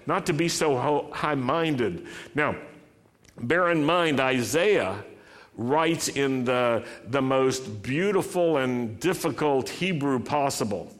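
Slow-speaking preacher in a reverberant hall. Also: male voice, mid-range voice, animated, faint music behind. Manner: emphatic, repeated rhetorical questions. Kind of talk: sermon.

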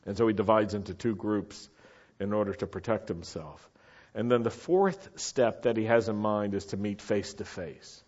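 A man preaching a sermon to a congregation, speaking in an animated way and sometimes rising to shouts for emphasis. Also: on the low side, normal speed. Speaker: pastor. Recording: dull, lo-fi sermon recording.

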